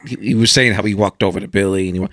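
A man's voice: on the low side, steady tone, rapid-fire, fairly bright tone. A man hosting a casual interview, prompting with short affirmations and questions. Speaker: host.

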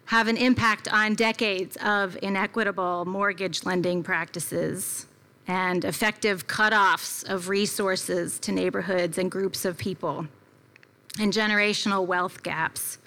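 A woman's voice: medium pitch, pushed and bright. A woman preaching a conversational sermon, telling a personal story in a reflective way with casual fillers. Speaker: preacher at a church gathering.

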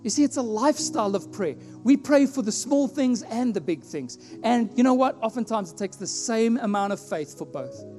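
A man from South Africa preaches in a church, telling a personal story and acting out his own prayers. His voice sits high and lively. The sound carries a long hall reverb with faint music underneath. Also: moderate pace, few pauses. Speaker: pastor.

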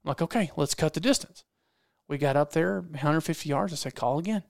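Animated storytelling man, dry close sound. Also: a little high, brisk, vocal fry, dry recording. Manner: animated, acts out quotes, repeats phrases for effect. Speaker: podcast guest storyteller, hunting videographer. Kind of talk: casual storytelling.

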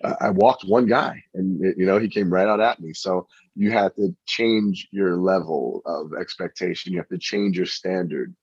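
Man, middle-aged, pitching coach, anecdotal interview talk, dry close sound, husky. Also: moderate pace, hardly any pauses, a little mellow, no echo. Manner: chatty anecdotal, repeats words on restarts. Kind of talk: interview storytelling. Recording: dull lo-fi recording.

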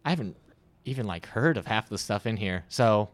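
A man's voice: on the low side, lively intonation, normal speed. A man co-hosting a podcast, chatting casually and joking at his own expense. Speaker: podcast co-host. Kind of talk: casual chat.

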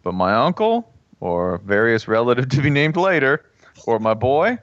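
A man co-hosting a podcast in casual chat, animated, laughing often and slipping into mock accents. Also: mid-range voice, moderate pace, no echo, lo-fi sound. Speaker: podcast co-host.

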